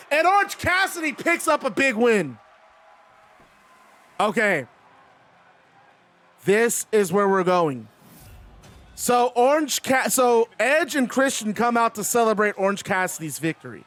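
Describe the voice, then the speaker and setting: A man with a high-pitched voice gives casual, chatty commentary over a video game wrestling match. He rambles, swears, and gets excitable as he tells stories between the moves. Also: measured pace, pauses often. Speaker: host and commentator.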